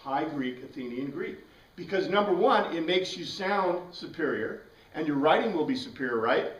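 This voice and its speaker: A man's voice: a little high, expressive, normal speed, far from the mic. Man teaching a class in an echoey room. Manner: conversational, asks the class questions, frequent "right?". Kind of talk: informal classroom lecture.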